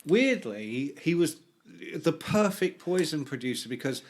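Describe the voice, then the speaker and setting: A man's voice: on the high side, big pitch swings, unhurried. A man co-hosting a podcast in casual chat, telling anecdotes, swearing freely and acting out the voices of people in his stories. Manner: storytelling, swears freely, acts out quoted voices. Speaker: podcast co-host.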